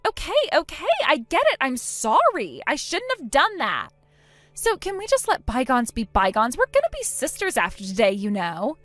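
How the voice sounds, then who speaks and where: A woman's voice: high voice, wildly swooping pitch, moderate pace, a bit bright, no echo, faint music behind, full character voice. A woman voicing a spiteful, mocking young woman in a text-message story, taunting and sarcastic. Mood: flustered.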